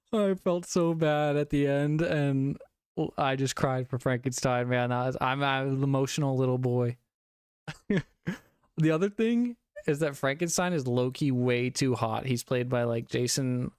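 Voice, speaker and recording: Young man, streamer, casual movie chat, slightly tipsy, rambling, profane, laughing often, mid-pitched, dry room. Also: smooth, dry recording. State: a little tipsy from drinking.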